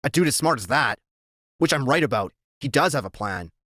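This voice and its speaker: A man reading a children's story aloud in the first person, telling it in a lively, expressive way. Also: mid-range voice, a little fast, no room sound, studio quality. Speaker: reader.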